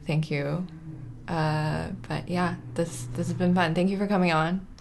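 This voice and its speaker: A woman's voice: fairly low pitch, fairly even intonation, unhurried, creaky, slight background noise. A woman hosting a podcast, chatting casually and laughing often. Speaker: podcast host. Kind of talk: casual chat.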